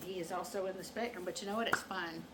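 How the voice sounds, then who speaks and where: A woman hosting her own channel, chatting casually and acting out quotes loudly as she tells a comic story, often laughing. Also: fairly low pitch, fairly even intonation, fast, crowd noise. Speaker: channel host. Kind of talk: casual chat.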